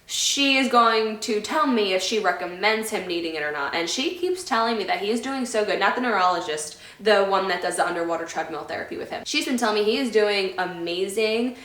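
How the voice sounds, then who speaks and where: A woman's voice: mid-range voice, expressive, brisk, few pauses, fairly bright tone. A woman vlogger talking to camera in a casual sit-down chat, heartfelt and rambling, often losing her train of thought. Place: indoor room away from her home. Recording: echoey room.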